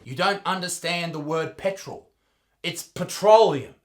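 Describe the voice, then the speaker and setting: A man's voice: on the high side, unhurried. A man with an Australian accent ranting crudely in a mocking comedic reaction, swearing often. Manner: loud, mocking, swears a lot. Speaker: comedy YouTuber reacting to a clip.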